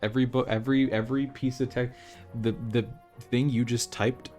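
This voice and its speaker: A man's voice: medium pitch, flat delivery, moderate pace, a little mellow, soft background music. Chatty young man streaming a game. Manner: chatty, opinionated, rambling with restarts. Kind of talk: casual live-stream chat while playing.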